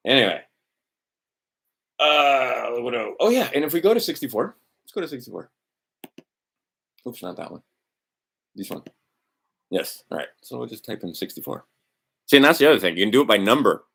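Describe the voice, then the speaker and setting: A man's voice: medium pitch, sing-song, normal speed, vocal fry, pauses often, fairly bright tone, husky. A man hosting a livestream, rambling casually and bluntly, sometimes swearing and talking to himself as he scrolls through documents. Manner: meandering, talks to himself while scrolling documents. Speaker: livestream host.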